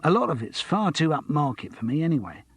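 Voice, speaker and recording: A man's voice: a little high, sing-song, fast, voice pushed up. A man voicing a stubborn male comedian who speaks bluntly and plainly.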